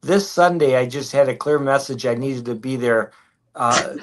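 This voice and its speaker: A man, a hypnotherapist and reader, talking in a relaxed storytelling way on a livestream. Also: medium pitch, moderate pace, background noise. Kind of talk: casual livestream chat.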